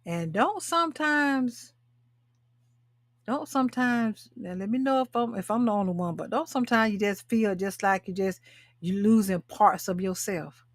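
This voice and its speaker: A woman's voice: mid-range voice, fairly quick, no echo. An emphatic woman hosts a live stream, calling out to her viewers and repeating her points. The sound is dry and close, with hardly any room around her. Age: 60s. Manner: emphatic and preachy, repeats phrases, calls out to viewers. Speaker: talk show host and life coach. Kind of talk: live-stream talk to a women's audience. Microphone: webcam or phone mic, live stream.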